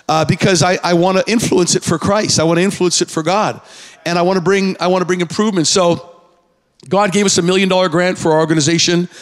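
A high-voiced male pastor preaches in a church sanctuary, his words trailing into a long hall reverb. He leads the congregation in call-and-response and climbs to emphatic high peaks. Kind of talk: sermon.

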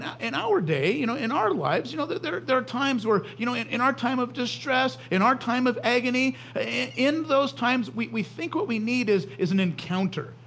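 Male pastor, fairly high voice, preaching, halting restarts, middle-aged. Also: fairly bright tone. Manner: frequent stammering restarts. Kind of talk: sermon.

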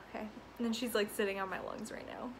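A podcast host records her own show from her apartment with the windows open, chatting casually, rambling and laughing often while sounding out of breath and stuffy from allergies. Her mid-range voice is brisk with fairly even intonation, and background noise can be heard.

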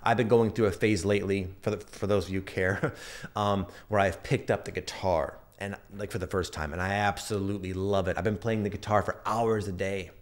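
A man's voice: low-pitched, steady tone, a little fast. Earnest man giving an astrology reading. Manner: earnest, reflective, tells personal anecdotes. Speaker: astrology and energy reader. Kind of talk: casual spoken astrology update.

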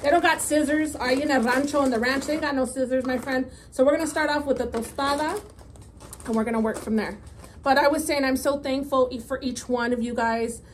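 A woman with a high voice chats with her viewers at the table, upbeat and warm toward them, dropping Spanish words into her English. She sounds like a casual home vlog caught on a camera mic. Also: steady tone, a little fast, a little hiss or hum. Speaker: mukbang vlogger.

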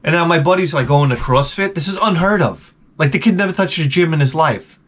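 A man's voice: on the high side, a little fast. A middle-aged man from Long Island, telling stories in a profane, sarcastic, rambling vlog monologue. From Long Island, New York. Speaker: vlogger.

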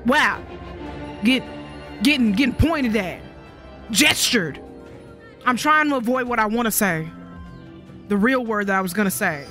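Young youtuber ranting over gameplay, sassy n swearing a lot, bright tense voice, faint music behind. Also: mid-range voice, expressive, measured pace, long pauses. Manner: sassy, rambling, profane trash talk. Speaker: gaming YouTuber. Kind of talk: casual gameplay commentary.

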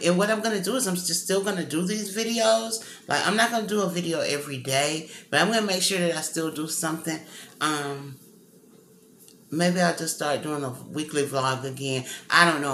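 A woman's voice: low voice, fairly bright tone, a little hiss or hum. A woman chatting casually to her viewers in a vlog, rambling and calling them "y'all", from a kitchen with the lights off. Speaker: vlogger. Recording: echoey room with faint background ambience.

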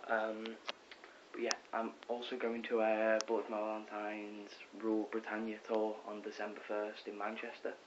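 A teenage boy vlogging from his bedroom, rambling excitedly with lots of ums and self-corrections. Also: lowish voice, moderate pace. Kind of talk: casual rambling vlog. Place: bedroom at home. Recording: dull lo-fi with faint hiss.

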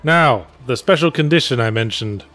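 A man's voice: medium pitch, expressive, normal speed, fairly bright tone. A man co-hosting a casual let's play, explaining the game in a dry, sardonic way. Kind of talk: casual gameplay commentary.

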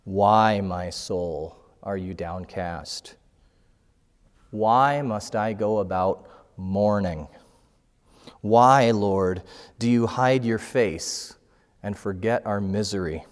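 A man preaching a sermon as pastor, slow and measured, reading scripture passages aloud. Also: fairly low pitch, in a large hall. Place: church sanctuary.

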